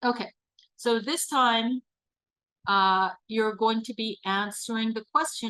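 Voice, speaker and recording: A woman presenting an online workshop, leading a calm guided visualization and reading audience answers aloud. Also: a little high, a little slow, no room sound, rough recording. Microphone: video call.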